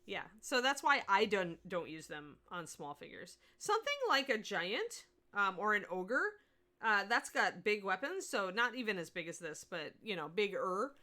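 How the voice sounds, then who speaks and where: Woman painting instructor on a casual stream, bright, talkative, answers viewers as she works. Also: mid-range voice, big pitch swings, normal speed. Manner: chatty, answers viewer chat while painting. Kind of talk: casual livestream painting lesson.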